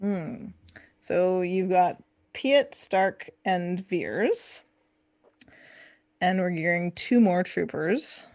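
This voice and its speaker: A woman's voice: fairly low pitch, lively intonation, extremely slow, pauses often, darkish tone, no echo, clean studio sound. A woman chatting playfully on a live gaming stream and laughing often while she answers questions. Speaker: guest streamer from a gaming channel. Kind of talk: casual stream chat.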